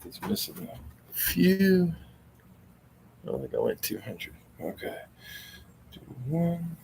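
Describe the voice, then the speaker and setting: A man's voice: high voice, big pitch swings, slow, gravelly, darkish tone, slight background noise. A man hosting a casual stream, reading out names for a football squares board and grumbling when his tablet loses his numbers. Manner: grumbling, frustrated, muttering to himself. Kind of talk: casual live-stream chat.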